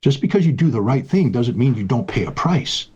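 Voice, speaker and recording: A man's voice: mid-range voice, big pitch swings, brisk, warm tone, muffled recording, a little hiss or hum. A man in his sixties in an interview, telling a personal story in an earnest, emphatic way and repeating key phrases. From United States. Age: 60s. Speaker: guest.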